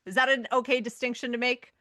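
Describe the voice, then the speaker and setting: A woman co-hosting a casual podcast chat, her voice a little high and bright. She sounds decisive as she weighs her choices, and the sound is dry and close. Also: flat delivery, fast, no echo. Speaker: podcast co-host.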